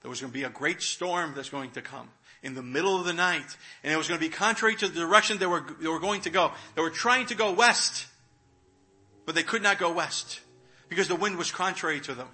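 A man preaching a sermon, retelling a scripture story and swinging between hushed, quiet moments and loud, dramatic ones. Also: a little high, a little fast. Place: church.

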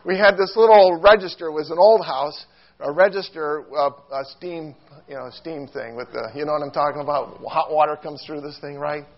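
A man preaching a sermon, telling a funny childhood story in an animated, self-mocking way and acting out quotes with squeals and shouts. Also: a little high, moderate pace, highs cut off.

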